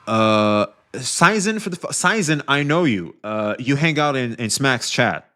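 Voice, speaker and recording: A man streaming casual commentary on online drama, rambling and swearing with many fillers, his voice often trailing off quieter. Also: medium pitch, expressive, unhurried.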